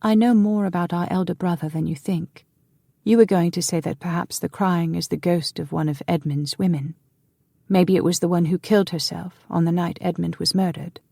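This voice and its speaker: A woman voicing a frail young nobleman, soft-spoken and hesitant, in an audiobook. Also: fairly low pitch, fairly even intonation, normal speed, creaky, no echo, studio quality, pitched above the performer's own voice. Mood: wistful. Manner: gentle, wistful, soft-spoken.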